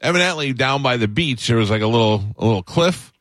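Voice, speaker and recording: A man hosting a talk radio show, telling a funny story and mimicking loud people in a raised voice. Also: fairly quick, no room sound. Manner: animated, acts out other people's shouting in a higher voice.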